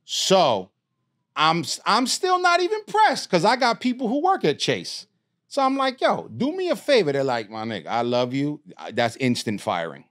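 A middle-aged man with a slightly high voice tells a story at a moderate pace as a guest on a casual podcast. His delivery is animated and streetwise, laced with swearing.

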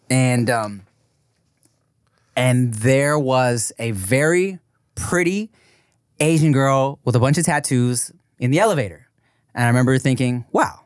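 Male co-host, middle pitch, rambling and giggly, dry studio sound. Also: no echo. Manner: rambling with many fillers and giggles. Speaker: podcast co-host. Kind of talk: casual chat.

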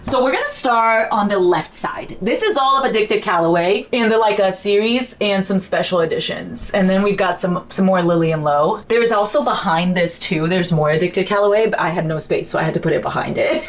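A young woman chatting casually through a home bookshelf tour, self-mocking, with sudden excited squeals. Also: mid-range voice, fairly quick, a little hiss or hum. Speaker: book vlogger.

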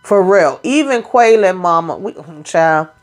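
Woman, recap host, lowish pitch, blunt, profane, conversational. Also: lively intonation. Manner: blunt, profane, retells scenes in quick acted-out quotes. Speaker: YouTube reality TV recap host. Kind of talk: casual spoken recap.

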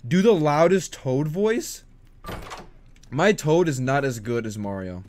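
A man's voice: on the high side, expressive, slow pace, a little mellow. A man giving casual commentary on a video game, hyped and talkative, rallying his viewers and goofing around. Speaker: gaming streamer.

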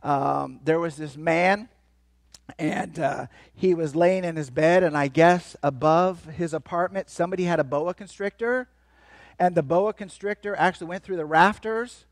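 A man giving a lively, playful sermon as a guest speaker, joking with the crowd and swinging between loud and soft. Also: fairly high pitch, normal speed, dry recording. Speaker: guest speaker at a church kids' event. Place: church hall.

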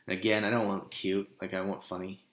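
A man's voice: low-pitched, flat delivery, brisk, a bit bright, reverberant. A man, a history teacher giving a casual, joking recorded lesson to his students. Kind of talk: recorded online class lecture.

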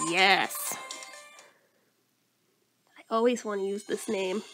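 A woman's voice: mid-range voice, takes it slowly, sharp tone. A woman giving sarcastic, profane let's-play commentary on a video game as she plays, often laughing. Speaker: gaming video host. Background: faint game music.

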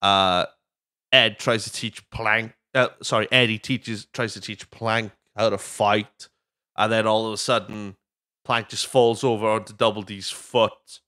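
A young man chats casually as a podcast host, rambling from one joke to the next and swearing freely. His voice sits somewhat low and sounds smooth and resonant. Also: fairly even intonation, a little slow, pushed and bright, no room sound, clean studio sound.

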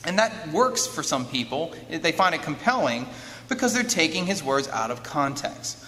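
A man lecturing an audience as an author, lively, asking rhetorical questions and acting out quotes. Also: on the high side, moderate pace. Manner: acts out quoted speech. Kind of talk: lively teaching talk with a handout. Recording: long hall reverb, faint noise.

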